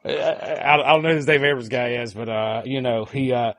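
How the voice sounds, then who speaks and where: A man's voice: medium pitch, fairly quick, no echo. A man co-hosting a podcast, telling stories casually with lots of laughter and swearing. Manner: laughing, swearing, rambling storyteller. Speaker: podcast co-host.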